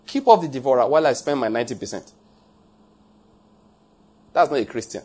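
A man's voice: medium pitch, sing-song, fairly quick, pauses often, mellow. A man preaching a sermon in a jokey, emphatic way, laughing at his own points and repeating lines for effect. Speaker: pastor.

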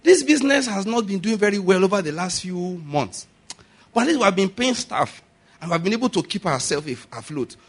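A Nigerian-accented male preacher delivers a sermon in a slightly raised voice. He is animated, laughs often and keeps checking in with his congregation through rhetorical questions. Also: high voice, brisk, slightly rough.

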